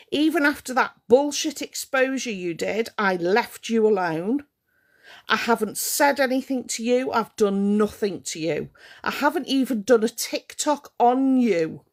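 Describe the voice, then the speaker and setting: A woman ranting on a live stream to her viewers, indignant and confrontational, hammering her points home by repeating them. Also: on the high side.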